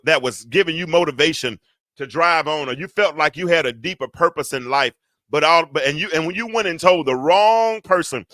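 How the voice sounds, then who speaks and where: A man hosting a podcast, teaching from the Bible in a preacher's cadence, repeating phrases for emphasis and slowing down to read scripture. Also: fairly high pitch, pushed and bright, no room sound. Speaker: podcast host.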